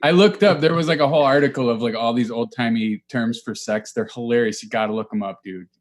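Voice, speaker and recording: A man's voice: medium pitch, fast talker. A man co-hosting a comedy podcast in casual banter, laughing often as he reads out odd phrases.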